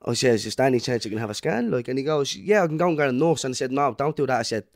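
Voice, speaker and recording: A man's voice: mid-range voice, racing, no room sound, studio quality. An Irish man telling a long rambling anecdote in casual chat. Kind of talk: casual banter.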